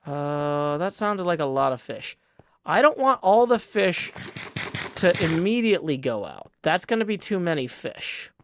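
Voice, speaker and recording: A man's voice: fairly high pitch, very animated, unhurried, slight background noise. A man giving casual gameplay commentary into a desk microphone, thinking aloud, questioning himself and joking playfully. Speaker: Minecraft server player.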